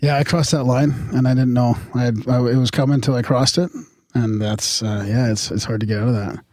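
A man's voice: mid-range voice, fairly even intonation, a little fast, darkish tone, no room sound. An easygoing man hosting a podcast, speaking in a mid-range voice with a casual, chatty manner. His voice sounds dry and close, with no room around it. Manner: easygoing, brief affirmations. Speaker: podcast host. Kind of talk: casual chat.

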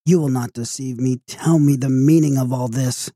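A man's voice: mid-range voice, unhurried, dark tone, no room sound, clean studio sound, natural voice. A man voicing a frightened, weeping older mother in a gothic audiobook, raising his voice into a pleading tone. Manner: pleading, tearful.

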